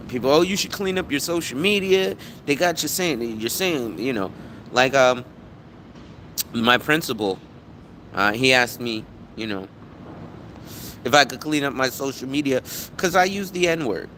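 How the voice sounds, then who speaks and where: A man hosting a casual live stream as an insurance agent, talking bluntly and profanely with animated storytelling. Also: mid-range voice, a little slow, long pauses, slight background noise.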